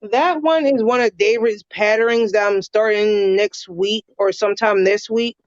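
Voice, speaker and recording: A woman guest chats on a livestream, rambling a little and laughing easily. Her voice sits at an ordinary pitch, dry and close. The call audio is dull and lo-fi. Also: unhurried, no room sound. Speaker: guest, viewer. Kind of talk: casual livestream chat.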